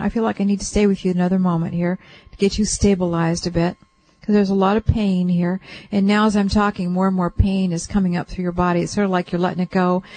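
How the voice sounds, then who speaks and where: A woman on a call-in radio show gives a reading in a calm, reassuring voice. She passes on what she senses in soft layers. Her tone is dark and mellow, with a studio mic close up. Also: medium pitch, poor audio. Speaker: psychic radio host.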